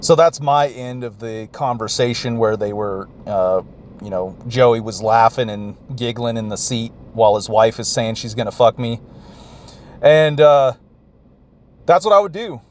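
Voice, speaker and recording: A man's voice: medium pitch, unhurried, darkish tone, slight background noise. A man vlogger telling a story in a profane, rambling rant. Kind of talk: ranting recount.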